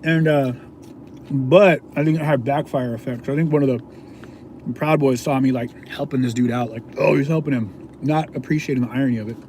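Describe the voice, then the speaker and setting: A man's voice: mid-range voice, fairly even intonation, brisk, mellow, slight background noise. A man, an independent video journalist, casually telling a story to his viewers in a slangy, laid-back way, chuckling often.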